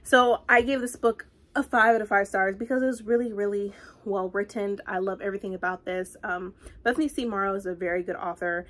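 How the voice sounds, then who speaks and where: A woman reviewing a book in a casual vlog, talking in a chatty, rambling way full of fillers, with animated asides. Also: medium pitch, a little fast. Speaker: book vlogger.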